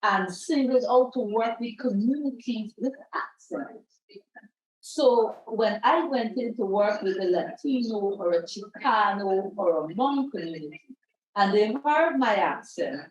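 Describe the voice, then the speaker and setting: A woman's voice: medium pitch, takes it slowly. A middle-aged woman from Guyana, a mental health practitioner speaking in a panel discussion and telling stories with quoted voices. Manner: animated storytelling, acting out quoted voices. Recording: roomy, dull lo-fi sound.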